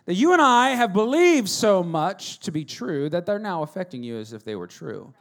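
A middle-aged man preaching a sermon as a pastor, telling stories with humor and swinging between loud and hushed delivery. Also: high voice, big pitch swings, moderate pace, gravelly.

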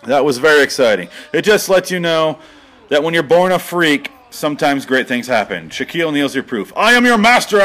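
A man doing rambling, deadpan mock sports commentary over video, breaking into sudden excited outbursts. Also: medium pitch. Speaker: comedy commentator.

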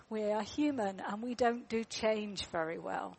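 A woman's voice: medium pitch, measured pace, creaky, darkish tone, husky. A woman, telling a story in a sermon in a chatty way, with fillers and repeated words. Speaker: preacher.

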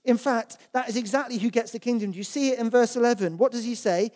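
In a church, a preacher with a mellow, darker-toned voice delivers a sermon at a fast clip and a medium pitch. He is earnest and emphatic, repeating words to drive each point home and reading Bible verses aloud as he goes.

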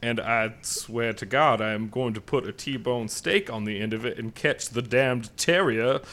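A man doing a refined Southern gentleman with a put-on American Southern accent, talking in a mock-dignified, jokey manner. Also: mid-range voice, a little slow. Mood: mock-genteel. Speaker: podcast co-host.

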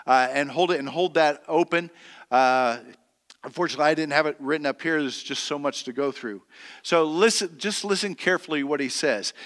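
A male pastor with a voice pitched a little above the usual preaches a sermon. He reads scripture aloud slowly and with weight, then explains it in loose, conversational talk full of restarts. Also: fairly bright tone, long reverb tail. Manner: preaching with slow emphatic scripture reading and many restarts.

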